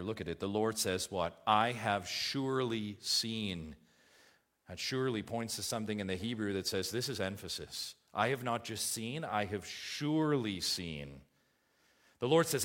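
A man's voice: medium pitch, fairly bright tone. Emphatic male preacher reading scripture. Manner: emphatic, rises and drops in volume, asks the listeners questions. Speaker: pastor. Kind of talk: expository sermon.

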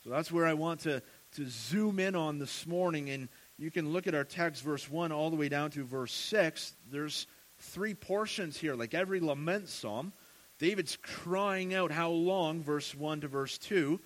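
A man's voice: on the high side, measured pace, a bit bright. Earnest man preaching a sermon. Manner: earnest, repeats words while preaching. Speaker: pastor.

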